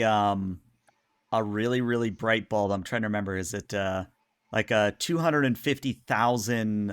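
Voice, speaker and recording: Relaxed man narrating as game master. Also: lowish voice, dry recording. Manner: relaxed, hesitant, many fillers.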